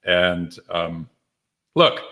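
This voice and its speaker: An energetic man hosts a live stream and speaks straight to his viewers, greeting them by name. His voice is bright and forward, and his delivery is upbeat, loose and full of fillers and quick restarts. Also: low voice, slight background noise. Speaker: author and livestream host. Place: home or office with books behind him.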